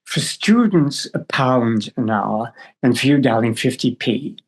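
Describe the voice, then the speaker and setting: A woman's voice: very deep voice, animated, measured pace, husky, exaggerated voice. A man voicing an elderly woman who teaches drama, grand and theatrical, calling everyone darling. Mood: gushing.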